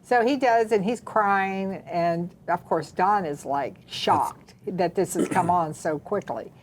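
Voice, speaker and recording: A woman from the American South, co-hosting and telling a personal story in a lively, dramatic way. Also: on the low side, slow, background noise. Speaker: co-host. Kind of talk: casual storytelling chat.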